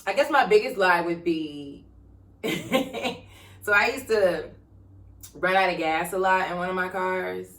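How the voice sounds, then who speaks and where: A woman's voice: fairly low pitch, slow pace, a bit bright, far from the mic. A woman in her twenties co-hosting a podcast, telling stories in a brash, profane way and acting out the voices of the people in them. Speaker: podcast co-host. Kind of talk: casual chat. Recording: roomy, from away from the mic.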